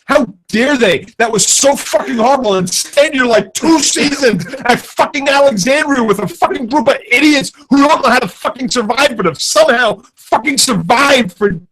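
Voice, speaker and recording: A man's voice: very high-pitched, animated, normal speed, hardly any pauses, fairly bright tone, breathy edge, poor audio. A man giving an angry, profanity-heavy rant as a guest reviewer, talking emphatically.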